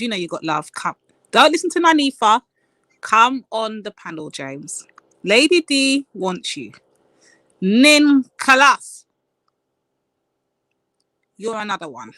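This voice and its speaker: A woman's voice: on the high side, sharp tone, no echo. A woman hosting a live stream panel, telling a story in a blunt, swearing rant.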